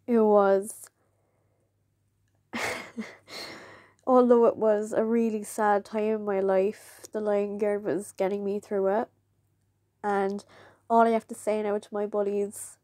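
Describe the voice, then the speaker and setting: A woman's voice: medium pitch, level tone, takes it slowly, pauses often, warm tone, no echo. A woman, telling a personal story in a candid, chatty way and laughing often. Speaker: vlogger.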